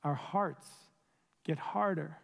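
A man's voice: on the high side, takes it slowly, creaky. A male pastor preaching a sermon, earnest and pleading, asking his listeners rhetorical questions. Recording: long reverb of a large room.

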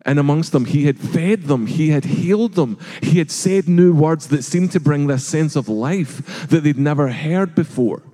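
Middle-aged male preacher, warm mellow tone, earnest sermon delivery, long church reverb. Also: fairly high pitch, moderate pace, hardly any pauses. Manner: earnest, rhetorical questions, acts out quoted voices. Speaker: pastor. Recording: long reverb of a large hall.

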